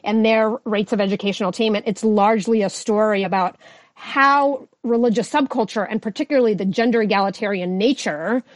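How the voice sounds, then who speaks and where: A woman guest on a podcast explains her research in a measured, lecture-like way. Her voice sits in a middle register. The sound is dry and close. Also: medium pitch, dry recording. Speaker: sociologist guest author. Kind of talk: podcast interview answers.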